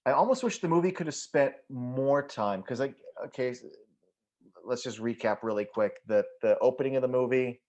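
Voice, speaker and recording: A man's voice: medium pitch, moderate pace, a little mellow, dull audio. A man co-hosting a casual movie podcast, rambling through thoughts with lots of restarts, fillers and casual swearing. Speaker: podcast co-host.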